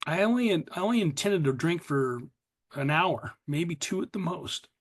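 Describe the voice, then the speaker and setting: A middle-aged man from the USA shares his recovery story with a pitch a bit above average. He is earnest and confessional and acts out his old self's words. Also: lively intonation, moderate pace. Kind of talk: personal testimony at a recovery meeting.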